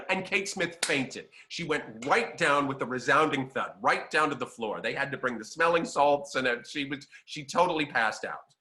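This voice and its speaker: A man telling showbiz anecdotes as an interview guest. His voice is bright and forward, and his delivery is animated and theatrical. He laughs easily along the way. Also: mid-range voice, normal speed, few pauses. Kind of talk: anecdotal storytelling.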